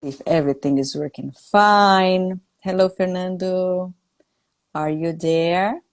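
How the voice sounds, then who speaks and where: A woman in her fifties with a Brazilian Portuguese accent, hosting a live stream in English as a teacher, unhurried and filling pauses with "uh" and "um". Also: on the low side, fairly even intonation. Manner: slow, unhurried speech with trailing fillers.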